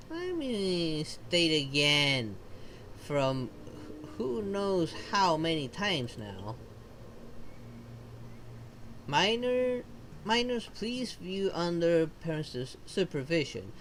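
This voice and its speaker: This is a woman performing a cheerful young foxian streamer character from a video game, slow and unhurried, full of bubbly chirps and playful squeals. She pitches her voice low and exaggerates it, and there's slight background noise.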